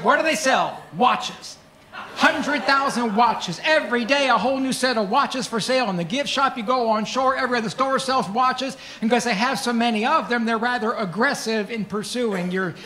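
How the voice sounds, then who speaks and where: High-voiced middle-aged comedian. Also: male voice, normal speed. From Kentucky, USA. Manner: folksy, deadpan punchlines. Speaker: stand-up comedian. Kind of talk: stand-up comedy storytelling.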